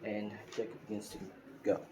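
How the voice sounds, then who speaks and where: Brief: low-voiced man, rambling fan-story narration, noisy phone recording. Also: monotone, normal speed. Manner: loose, filler-heavy retelling.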